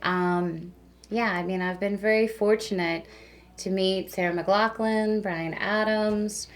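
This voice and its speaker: A woman's voice: medium pitch, steady tone, takes it slowly. A woman who works as a radio DJ, a guest telling stories in a chatty way, full of fillers. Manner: chatty, full of "like" and "you know". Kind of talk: casual storytelling.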